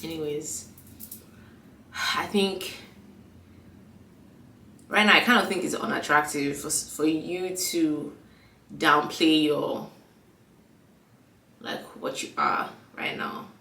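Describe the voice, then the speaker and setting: A woman's voice: low voice, takes it slowly, creaky, long pauses, bright, forceful tone, distant mic. A young woman vlogging in a casual chat with a stuffy nose and a frog in her throat, full of fillers and acted-out dialogue. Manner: chatty, lots of fillers, acts out quoted dialogue. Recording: echoey room, away from the mic.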